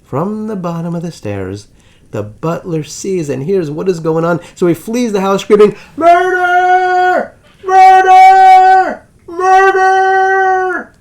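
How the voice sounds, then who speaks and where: A man narrating a dramatic history story as the host of his channel, with big swings in pitch and loudness. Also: lively intonation, moderate pace.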